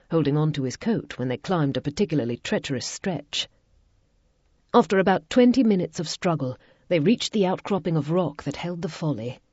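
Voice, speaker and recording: A woman reading a romance audiobook in a measured, even narration. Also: low voice, dry recording. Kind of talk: scripted narration. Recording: dull lo-fi recording.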